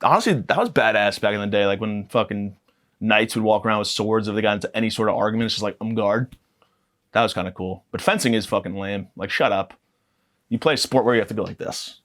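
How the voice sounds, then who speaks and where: A man's voice: on the low side, fast talker, fairly bright tone. A man of about thirty telling rambling comic stories on a podcast, swearing often and acting outraged. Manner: profane, rambling, mock-outraged. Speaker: podcast guest. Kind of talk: comedic storytelling rant.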